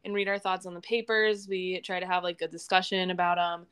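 A young woman with a Midwestern accent, co-hosting a science podcast in relaxed, self-amused casual talk. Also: fairly low pitch, brisk, clean tone. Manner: relaxed, laughs at herself, fillers. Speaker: podcast co-host. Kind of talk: casual chat, reading show updates.

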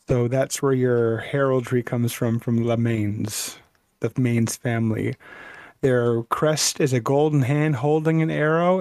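A man's voice: medium pitch, steady tone, moderate pace, a little mellow, smooth, no room sound. A man co-hosting a casual podcast, dropping teasing jokes and trivia into the banter. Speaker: podcast co-host. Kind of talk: casual chat.

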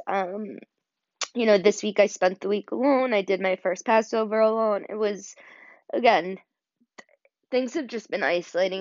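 A woman's voice: mid-range voice, no echo. Emotional young woman podcast host. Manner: emotional, choked up; chatty with many fillers. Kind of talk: solo podcast chat. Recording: dull dry audio.

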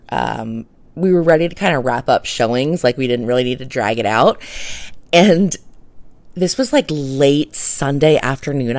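Female podcast host, gravelly edge, close and dry, rambling chatty storyteller with lots of fillers. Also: rumbling low, dry recording. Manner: chatty, filler-heavy, laughs while telling a story. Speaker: realtor. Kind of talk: casual storytelling monologue.

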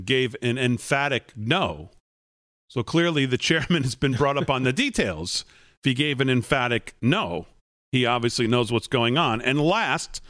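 A man's voice: mid-range voice, fairly bright tone, no echo, studio quality. A man reading out points on a political show. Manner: reads messages aloud, lists points. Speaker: host. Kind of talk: political commentary.

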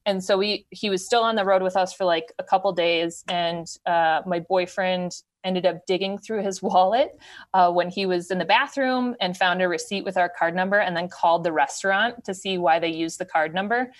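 Woman guest from Wisconsin, candid storyteller, lowish pitch. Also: moderate pace. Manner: candid, animated storytelling with quoted asides. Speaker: podcast guest. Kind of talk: casual storytelling interview.

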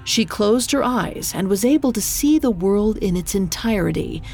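A woman narrator reading a scripted myth in a measured, dramatic storytelling manner. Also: mid-range voice, animated, creaky, a little mellow. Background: faint music.

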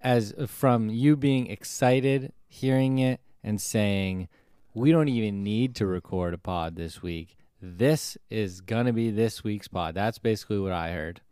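A man's voice: lowish voice, measured pace, warm tone, smooth, dry recording, studio quality. A man co-hosting a podcast, talking casually and hedging his points with restarts and fillers. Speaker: podcast co-host. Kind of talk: casual chat.

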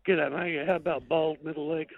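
A man's voice: fairly high pitch, fairly even intonation, normal speed, vocal fry, slight background noise. A man calling in to a radio show, brief and jokey. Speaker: caller. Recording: tinny phone line.

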